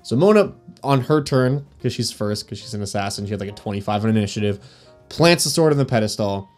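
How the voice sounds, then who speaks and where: A man working as dungeon master, casually recounting a tabletop game session with animated, laughing delivery. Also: on the low side, fast, faint music behind. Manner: animated, laughing, frequent fillers. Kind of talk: casual game recap storytelling.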